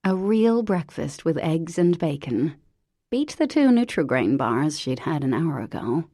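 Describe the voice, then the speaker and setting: A woman reading an audiobook in a wry, deadpan narrating manner. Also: low-pitched, unhurried, no echo, clean studio sound.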